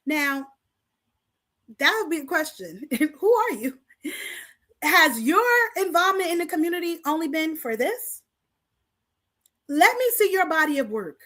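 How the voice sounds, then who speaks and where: Woman host from Paterson, New Jersey, impassioned preacher-style address to the community, bright and sharp voice. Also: high-pitched, very animated, unhurried, long pauses. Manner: preachy call-and-response, rallying the audience; talks straight to the viewers, repeating lines for emphasis. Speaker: host of a community talk show.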